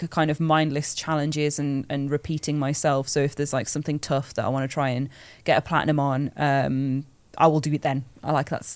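A woman's voice: low voice, dry recording. A British woman hosting a casual podcast, chatty and giggly, reading viewer comments aloud. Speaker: podcast host.

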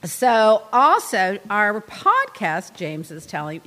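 A woman's voice: mid-range voice, lively intonation, moderate pace, pushed and bright, big-room sound. A woman hosting a podcast in a studio, chatting casually and laughing often as she tells stories. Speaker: podcast host. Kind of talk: casual chat.

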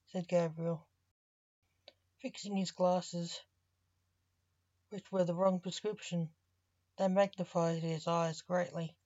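A woman's voice: on the low side, little pitch movement, slow, long pauses, warm tone, no echo. A woman reading a short story aloud as narrator. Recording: slightly muffled dry recording.

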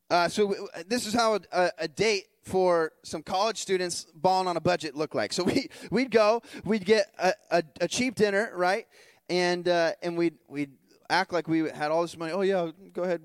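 A high, quick male voice sits close and dry on the mic, with no room around it. He is a worship leader telling a story from the pulpit. He is animated and chatty, acts out bits of dialogue, and keeps checking in with "right?". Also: no room sound. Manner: frequent restarts and rhetorical "right?". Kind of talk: storytelling sermon.

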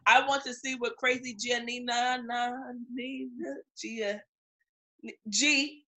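A woman's voice: a little high, steady tone, pushed and bright. A woman co-hosting a casual podcast chat, outspoken and emphatic, teasing her co-host. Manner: outspoken, emphatic, quick to tease.

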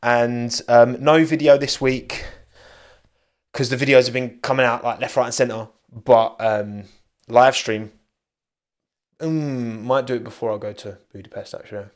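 A man talks loosely and cheerfully as he wraps up his live stream from home. His voice sits at an ordinary middle pitch. He rambles and restarts as he thanks viewers and signs off. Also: steady tone, a little slow. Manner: chatty, rambling, soft cooing to his dog. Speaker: livestream host. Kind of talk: casual live chat sign-off.

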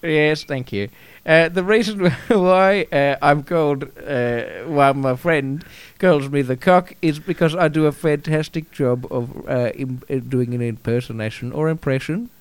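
Man, comedy podcast co-host, deadpan, halting, slightly high voice. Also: clean tone, no echo. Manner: halting, full of fillers and restarts. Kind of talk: deadpan improvised comedy chat.

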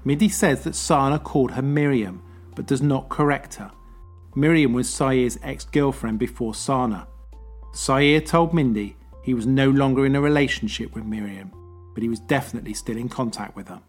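An English man narrating a true crime podcast in a measured, explanatory manner. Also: medium pitch, breathy edge, faint music behind. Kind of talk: scripted narration.

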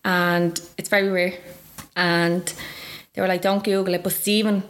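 A young Irish woman telling a personal story in casual chat, acting out what others said with big jumps in her voice. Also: unhurried. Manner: animated, acts out quoted speech with big pitch jumps. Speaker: guest.

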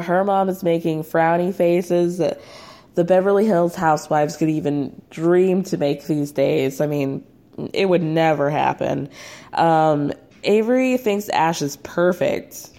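A woman's voice: fairly low pitch, takes it slowly, mellow. A young woman casually recapping a show, chatty and sarcastic, full of "like" and "um". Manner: chatty and sarcastic, with many fillers.

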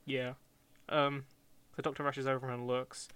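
Male podcast co-host, bright and forceful tone, loose joking delivery. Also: mid-range voice, little pitch movement, a little slow, clear, resonant tone. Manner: loose and joking, many fillers. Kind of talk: casual chat, brainstorming a story.

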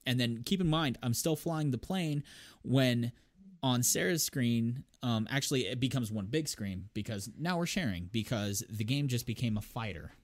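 A man co-hosting a casual podcast chat, eagerly retelling a video game and acting out its characters in quick voices. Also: medium pitch, expressive. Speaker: podcast co-host.

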